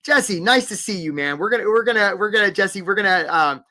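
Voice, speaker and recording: A man hosting a live career-coaching webinar, animated and emphatic, often tagging "right?" and acting out little bits of dialogue. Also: sits high, fairly quick.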